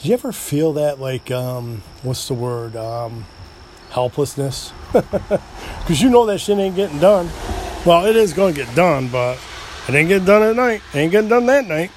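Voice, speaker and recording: A man's voice: a little high, expressive, measured pace, a little hiss or hum. A middle-aged man with an upstate New York accent, hosting a loose, rambling solo podcast, swearing and joking at himself, a bit tipsy after a few drinks. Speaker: podcast host.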